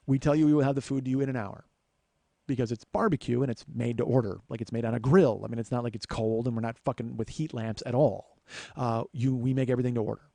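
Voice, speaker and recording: A man's voice: medium pitch, vocal fry, mellow, no echo. A male comedian and podcast host telling a profane, sardonic story as a ranting monologue.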